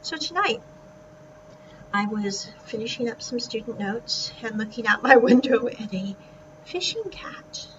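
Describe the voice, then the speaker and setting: A woman hosting a podcast, telling everyday stories in a chatty, animated way, laughing often and dropping into whispers. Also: fairly high pitch, measured pace. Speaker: podcast host. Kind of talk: casual storytelling monologue. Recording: distant mic, dull sound, steady background noise.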